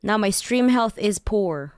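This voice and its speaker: Woman streamer rambling to chat, kinda nasal, laughs a lot, soft music under her. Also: medium pitch, expressive, unhurried, dry recording, studio quality. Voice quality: slightly nasal today. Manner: chatty, laughs often, trails off with fillers. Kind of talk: casual livestream chat.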